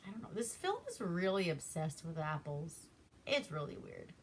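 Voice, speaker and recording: A woman from Alaska hosting a casual movie recap. She rambles, swears freely and keeps a deadpan tone. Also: low-pitched, normal speed, slight background noise. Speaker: host.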